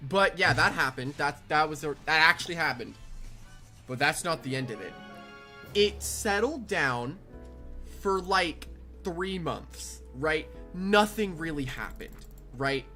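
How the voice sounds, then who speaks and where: A young adult telling a rambling, animated story in casual storytime fashion. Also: mid-range voice, a little slow, faint music behind. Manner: rambling, animated, restarts often. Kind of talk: casual storytime over gameplay.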